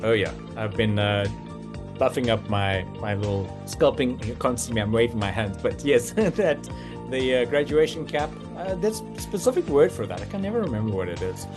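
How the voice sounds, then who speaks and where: A man hosts a relaxed livestream, talking in a loose, halting way. He stumbles through restarts and fills the gaps with plenty of "uh"s and "um"s. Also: medium pitch, music in the background. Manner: halting, with many fillers and restarts. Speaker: host. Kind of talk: casual livestream chat.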